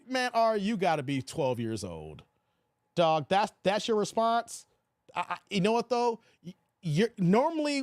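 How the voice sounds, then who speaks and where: A man's voice: high voice, no room sound, clean studio sound. A man hosting a livestream, reading viewers' chat and roasting them in casual, slangy, taunting talk. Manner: trash-talking, taunting and slangy; animated, laughs often.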